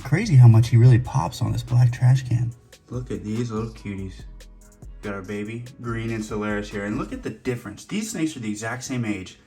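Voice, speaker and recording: A man's voice: mid-range voice, brisk, creaky, dark tone, faint music behind. A man, chatting casually and jokingly as he tends his snakes. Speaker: reptile keeper and vlogger. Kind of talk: casual vlog.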